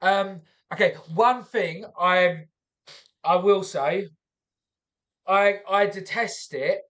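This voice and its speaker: High-voiced man hosting, giving halting feedback. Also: fairly bright tone. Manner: hesitant, lots of fillers and restarts. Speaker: podcast host. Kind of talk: casual critique.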